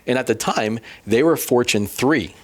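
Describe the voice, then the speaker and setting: A man telling a long personal anecdote as a guest in a casual interview, in an animated, self-deprecating way. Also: medium pitch, normal speed. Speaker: business owner guest.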